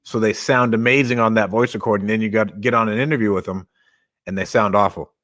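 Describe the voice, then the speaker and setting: A young adult man co-hosting a casual podcast, talking in a direct, energetic coaching tone. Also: fairly low pitch, fast talker. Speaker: podcast co-host.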